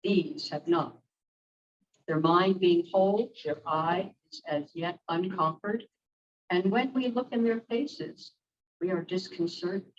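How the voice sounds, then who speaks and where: A woman's voice: lowish voice, takes it slowly. Woman reading aloud from across the room. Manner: careful reading with occasional stumbles. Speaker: group member reading aloud. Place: church meeting room. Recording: distant, dull room recording with faint noise.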